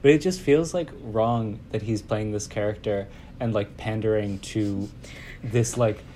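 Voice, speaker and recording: Man, podcast co-host, casual chat, hesitant, lots of fillers, warm low tone. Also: a little slow, a little hiss or hum. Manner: rambling, hesitant, many fillers.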